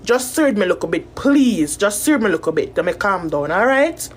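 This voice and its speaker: A woman's voice: mid-range voice, big pitch swings, a little fast, slightly rough. A Jamaican woman talking straight to her viewers in a rambling, emotional rant full of swearing. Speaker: content creator. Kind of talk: casual talk to camera.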